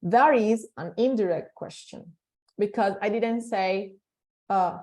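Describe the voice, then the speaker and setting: A woman's voice: medium pitch, slow, warm tone. A woman teaching an English class over a video call, explaining patiently and repeating examples with lots of fillers.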